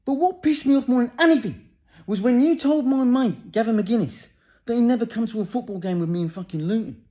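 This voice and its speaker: This comic impersonates an English public figure with an English accent, swearing angrily through a rant and barking "huh?" between his lines. The male voice is very high and mellow, and he speaks fairly quickly.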